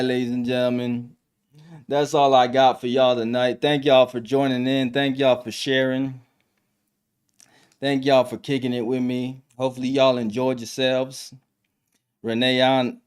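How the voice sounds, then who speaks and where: Give me a slangy guy chatting on a live stream. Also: mid-range voice. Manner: loose storytelling, lots of slang and fillers. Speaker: live stream podcast host. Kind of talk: casual live stream chat.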